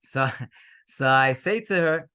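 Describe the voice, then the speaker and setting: A male rabbi telling a story in a lively way, mixing in Hebrew phrases and laughing between lines. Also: mid-range voice, slow, smooth. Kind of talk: storytelling to an audience.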